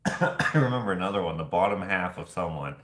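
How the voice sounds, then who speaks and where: Rambling, chuckling man with a low voice. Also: lively intonation, moderate pace, a bit bright, reverberant. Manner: rambling, chuckling, loose and chatty. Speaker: vlog host running a giveaway. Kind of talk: casual chat.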